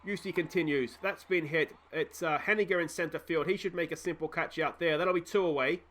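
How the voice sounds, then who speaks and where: A young Australian man giving casual, excitable play-by-play commentary on a baseball video game, joking at his own expense and talking to his viewers. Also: fairly high pitch, fairly quick. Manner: excitable, self-deprecating, talks to viewers.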